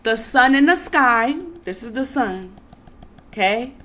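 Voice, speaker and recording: A woman giving a spiritual teaching monologue to her listeners, coaxing and soothing them with repeated calls to breathe and calm down, then rising to emphatic stresses. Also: on the high side, slow.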